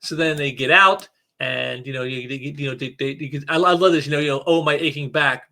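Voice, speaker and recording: A man with a mid-range voice talks a little fast, with vocal fry and a pushed, bright sound. He casually reviews a comic book while reading aloud, rambling with lots of restarts and fillers and stressing key words for emphasis.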